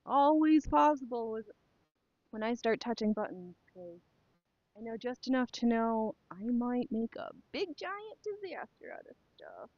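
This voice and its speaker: A woman's voice: on the high side, sing-song, measured pace, a little mellow, no room sound, highs cut off. A woman chatting casually to her live stream while sewing, rambling and talking to herself and her pets.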